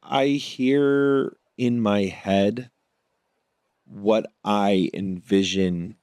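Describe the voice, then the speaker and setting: A man with a fairly low voice talks as an actor guest in a relaxed interview. He reflects as he goes, building his answers bit by bit. The sound is dry and close, with no room around it. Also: drawn-out words, smooth, no echo. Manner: thoughtful, works through ideas aloud. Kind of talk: casual interview conversation.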